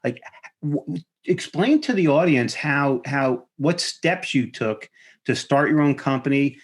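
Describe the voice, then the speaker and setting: Male podcast host, halting delivery full of restarts, mid-range voice. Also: mid-range voice, animated, slightly rough. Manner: halting, many restarts and fillers. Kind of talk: conversational interview.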